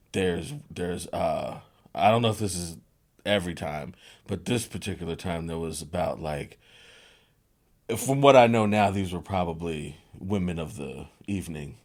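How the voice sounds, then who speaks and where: Young jersey guy, low voice, rambling funny story on his podcast. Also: a little slow. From New Jersey. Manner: rambling, laughing storyteller with restarts. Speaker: podcast host. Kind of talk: casual comedic storytelling.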